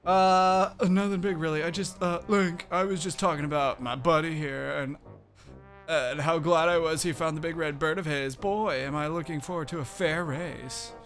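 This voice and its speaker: A man's voice: a little high, steady tone, normal speed, a bit bright, faint music behind. A man voicing a brash, boastful teenage bully in a let's-play, reading the game's dialogue in a cocky, taunting way. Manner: cocky, taunting reading of on-screen game text.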